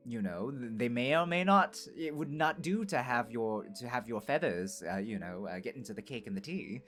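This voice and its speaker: Man doing a prim British tea-party lady, genteel, teasing, soft and low, lively lilt. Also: normal speed, faint music behind, natural voice. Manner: prim, gently teasing, old-fashioned phrasing.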